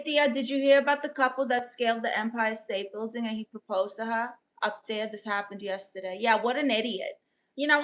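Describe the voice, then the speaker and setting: A woman from Brooklyn with a Brooklyn accent, hosting a casual livestream, reading viewer comments aloud and answering with sassy, quick comebacks. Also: a little high, sharp tone. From Brooklyn, New York. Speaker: livestream host reading chat.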